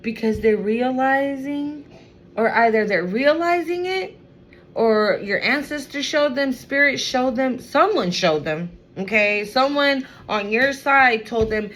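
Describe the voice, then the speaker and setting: A woman's voice: on the high side, expressive, a little slow, fairly bright tone, poor audio. A woman giving a spiritual card reading to her viewers, emphatic and repetitive. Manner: emphatic, repeats phrases, addresses viewers as y'all. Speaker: tarot reader.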